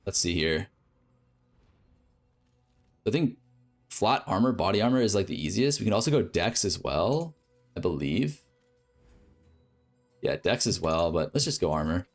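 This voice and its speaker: A man's voice: low voice, very animated, a little slow, long pauses, soft background music. A man streaming a game, casually thinking aloud through a crafting plan and correcting himself as he goes. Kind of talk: explaining a game crafting strategy.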